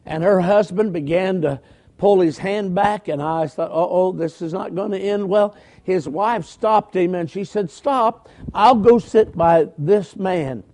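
A man's voice: sits high, darkish tone. An older man preaching, telling folksy stories in a conversational way and calling out for amens. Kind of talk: storytelling sermon.

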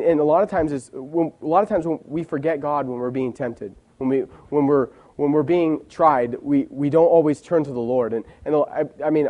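Young male lay preacher, mellow tone, halting and earnest, informal sermon. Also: fairly high pitch. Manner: halting, repeats words, earnest and confessional. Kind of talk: informal sermon with personal story.

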